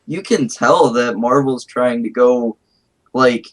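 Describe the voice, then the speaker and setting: A man's voice: medium pitch, takes it slowly. Chill guy chiming in on a comics podcast, short comments. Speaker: podcast co-host. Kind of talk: casual podcast chat.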